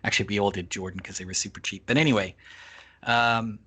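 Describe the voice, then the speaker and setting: A man's voice: lowish voice, fairly even intonation, quick pace, pushed and bright, slightly rough. A man, a podcast guest, telling a long travel anecdote in casual, profanity-laced talk. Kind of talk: casual storytelling.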